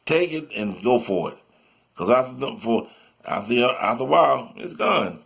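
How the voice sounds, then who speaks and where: Man, gravelly voice, rambling motivational monologue, repetitive, sing-song bursts. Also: medium pitch, expressive, moderate pace, fairly bright tone.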